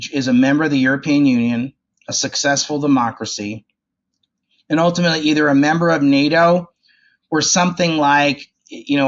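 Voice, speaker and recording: A man speaking as a guest expert in a podcast interview, animated and informal, acting out quoted remarks. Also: fairly high pitch. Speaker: guest, development policy expert. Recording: dull lo-fi audio.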